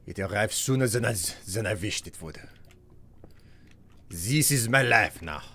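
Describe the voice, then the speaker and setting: A man's voice: lowish voice, animated, unhurried, bright, forceful tone, heavily acted. A man putting on a grandiose theatrical chef. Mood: dramatic. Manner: grandiose, formal declamation. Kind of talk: live-stream role-play voice.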